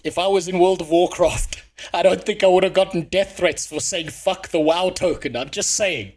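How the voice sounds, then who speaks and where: A man's voice: high voice, normal speed, darkish tone. A man streaming live, talking bluntly and profanely in a ranting commentary. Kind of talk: casual livestream commentary.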